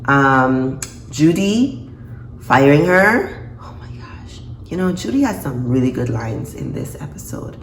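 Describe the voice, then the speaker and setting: Woman vlogger, casual episode recap, expressive, echoey room, faint background noise. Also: a bass voice, unhurried. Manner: expressive, reacts with laughs and gasps. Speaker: TV episode reviewer.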